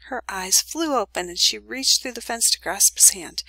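A woman reading a children's novel aloud in a gentle, even storytelling manner. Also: mid-range voice, moderate pace, hardly any pauses, breathy edge, no room sound, poor audio. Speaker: reader.

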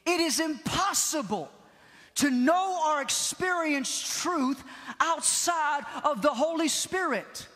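High bright preacher guy, slow and fiery, big church echo. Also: animated. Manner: impassioned, shouting at peaks, repeating key phrases. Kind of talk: Pentecostal sermon. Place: large church hall. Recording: long hall reverb.

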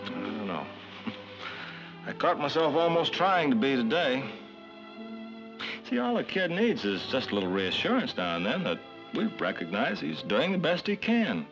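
An actor playing a thoughtful middle-aged suburban father, talking in an earnest, soft-spoken, self-questioning way in a 1950s sitcom. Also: medium pitch, big pitch swings, normal speed, pauses often. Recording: dull 1950s TV soundtrack with faint music.

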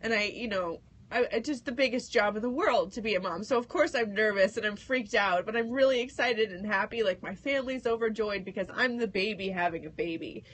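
A woman's voice: mid-range voice, a little fast, fairly bright tone, breathy edge. A woman radio co-host talks on air, nervous and tearful. She laughs through her words as she shares her news. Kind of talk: emotional on-air announcement.

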